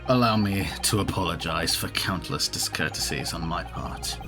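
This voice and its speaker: A man voicing a proud, bitter British male prosecutor in a fan-read game, speaking with grave, deliberate formality. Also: deep voice, music in the background, lightly acted.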